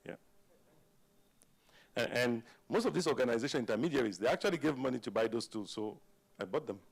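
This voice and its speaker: A man's voice: mid-range voice, a little fast, vocal fry, slightly rough. A man giving a live conference presentation, engaging the audience with questions. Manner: animated, asks the audience questions. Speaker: conference speaker.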